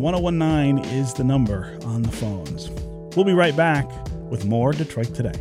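A man's voice: mid-range voice, very animated, over music. A man hosting a public radio call-in show, introducing his guest and taking callers. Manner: brisk, announces phone number and callers. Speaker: radio talk show host.

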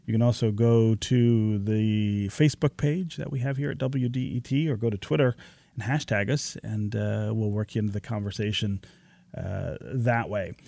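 Male talk radio host, gravelly, mid pitch, dry studio sound. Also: mellow, no echo. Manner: brisk, announces phone number and callers. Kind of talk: public radio call-in show hosting.

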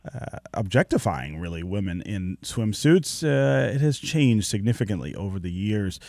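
Guy hosting a call-in radio show, lowish voice, dry studio sound, steady. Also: moderate pace, vocal fry, no echo. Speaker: radio talk show host.

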